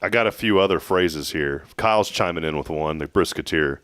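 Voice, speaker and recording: A man's voice: very deep voice, fairly quick, fairly bright tone, no echo, clean studio sound. A man co-hosting a morning talk show, roasting phrases with theatrical sarcasm. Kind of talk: casual chat.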